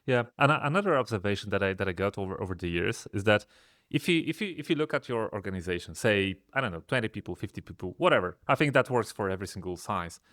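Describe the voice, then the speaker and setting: A man from Poland, a software company founder, talking through business lessons in a thoughtful, hesitant way, often restarting his sentences. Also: lowish voice, lively intonation, fast, dry recording, clean studio sound. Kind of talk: casual business chat.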